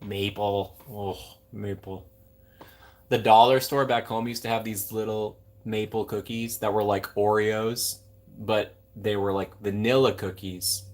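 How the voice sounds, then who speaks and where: A young man from Minnesota, hosting a livestream, chatting casually and going off on jokey tangents while reading viewer comments. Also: lowish voice. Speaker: livestream host.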